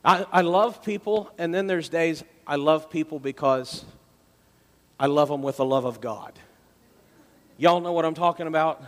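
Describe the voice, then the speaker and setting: Male pastor preaching with dramatic swings in volume, pitched high, recorded in a reverberant church. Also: a little slow, pauses often. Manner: dramatic storytelling, swings from loud to quiet. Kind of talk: sermon.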